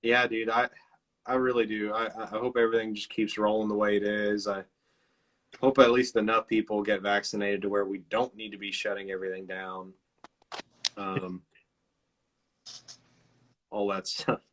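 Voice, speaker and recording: A man hosting a casual video-call interview, tired from no sleep, talking in a halting way with lots of stops and restarts. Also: on the low side, level tone, fairly bright tone, rough recording. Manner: halting, many fillers and restarts. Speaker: host. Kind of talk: casual chat over live video.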